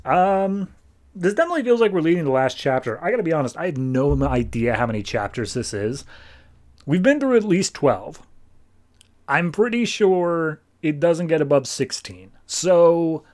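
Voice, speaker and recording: A man's voice: fairly high pitch, big pitch swings, moderate pace, darkish tone. Chatty man recapping comics. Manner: chatty, paraphrases characters with "he's like". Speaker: podcast host. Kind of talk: casual comic book recap.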